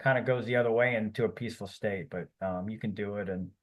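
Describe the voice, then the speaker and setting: Appearing as a podcast guest in a casual interview, a man speaks quickly in a fairly low voice. He rambles encouragingly, full of fillers and restarts.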